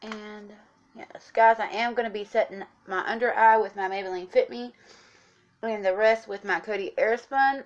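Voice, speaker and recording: A woman's voice: medium pitch, fairly even intonation, moderate pace, dull audio. A woman chatting through a casual makeup tutorial, talking straight to her viewers and explaining each step. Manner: chatty, instructive, addresses viewers as guys. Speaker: makeup vlogger.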